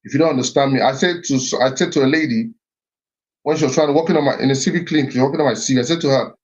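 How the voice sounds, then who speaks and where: Rapid-fire and darkish in tone, this mid-range male voice belongs to a middle-aged man musing earnestly about heritage and identity. He repeats himself often and restarts phrases. The sound is slightly muffled.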